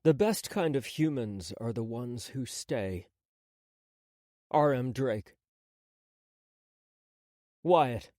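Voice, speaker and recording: A man narrating a romance audiobook in a slow, dramatic first-person telling. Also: mid-range voice, expressive, mellow, no echo, studio quality.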